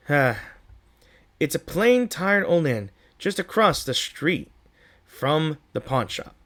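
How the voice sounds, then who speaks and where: A man's voice: a little high, sing-song, slow pace, long pauses, a bit bright. Casual gamer man reading a story aloud. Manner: casual, stumbling over words and correcting himself. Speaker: gaming YouTuber. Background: game music.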